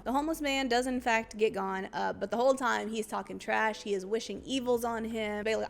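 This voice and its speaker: A woman's voice: on the high side, fairly quick, creaky, few pauses, a little hiss or hum. A young woman chatting casually as host, recapping a movie with chatty, sarcastic asides.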